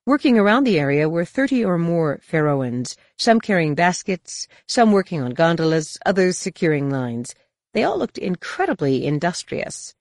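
A woman reads a novel aloud as an audiobook, narrating from a script in a steady, even way. Her voice is lowish and her pace moderate, on a dry, studio-quality recording.

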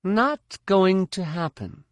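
A man's voice: high voice, expressive, takes it slowly, no echo, pitched above the performer's own voice. A man voicing a determined young woman Jedi knight in an audiobook, firm and pointed. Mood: defiant.

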